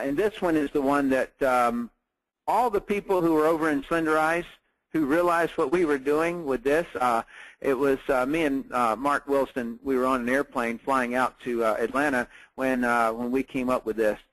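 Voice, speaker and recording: A man's voice: medium pitch, moderate pace, a bit bright, no room sound, poor audio. A man presenting a business training, telling stories in a salesy, upbeat way with many fillers. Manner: storytelling with lots of fillers and quoted dialogue.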